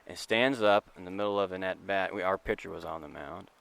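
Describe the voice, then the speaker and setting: A middle-aged man, a podcast co-host, telling a story in casual chat and acting out the quotes with a lively, profane rant. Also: low voice, a little fast, creaky. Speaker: podcast co-host, assistant youth baseball coach.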